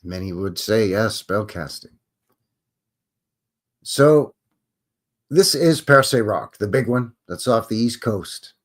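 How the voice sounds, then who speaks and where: A Canadian man talks off the cuff on a live stream, rambling and joking in folksy slang. His pitch swings up and down freely and keeps the talk animated. The feel is loose and unscripted. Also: slow pace, long pauses. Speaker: host. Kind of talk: casual live-stream chat.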